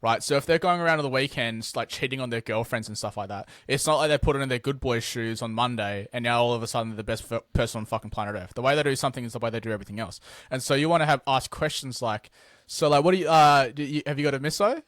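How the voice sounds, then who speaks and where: A man's voice: mid-range voice, fast talker, hardly any pauses, no room sound, clean studio sound. A man, a business owner guest, telling blunt, sweary stories in a casual interview. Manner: blunt, sweary, animated storytelling.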